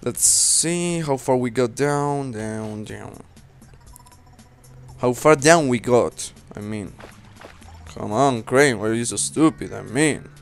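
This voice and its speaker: Young male let's-player, rambling and profane, slow delivery over light background music. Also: mid-range voice, creaky. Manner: rambling, swears at enemies, talks to himself. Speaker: let's play host. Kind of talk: casual gameplay commentary. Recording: faint game music behind.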